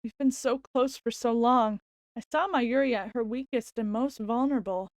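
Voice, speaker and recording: A woman streamer reading a visual novel's narration aloud and exclaiming excitedly as she plays. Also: on the high side, no room sound, studio quality. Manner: expressive, quick to exclaim.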